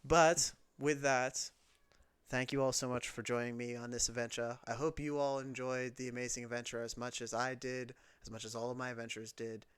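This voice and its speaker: A man running a tabletop role-playing game as dungeon master, warmly thanking his players and calling on each in turn. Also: mid-range voice, little pitch movement, a little fast, clear, resonant tone, dry recording. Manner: upbeat, thanking players and calling on them one by one. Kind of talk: casual sign-off of a tabletop game stream.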